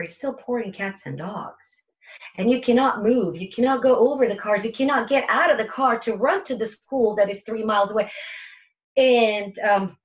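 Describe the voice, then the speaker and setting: A woman's voice: mid-range voice, highs cut off. A woman who runs an internet radio station, telling a vivid, dramatic story to an audience with repeated phrases. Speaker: internet radio station host giving a talk.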